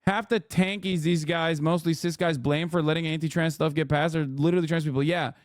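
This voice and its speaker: A man's voice: a little high, fairly even intonation, brisk, no echo, clean studio sound. A man streamer giving heated political commentary, ranting with exasperation and heavy swearing. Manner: mocks others in put-on voices.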